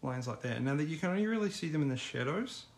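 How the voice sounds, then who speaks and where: Man, middle-aged, slightly high voice, relaxed encouraging art teacher, chatty live class. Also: fast talker, gravelly. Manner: casual, encouraging, chatty with fillers. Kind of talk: live online drawing class.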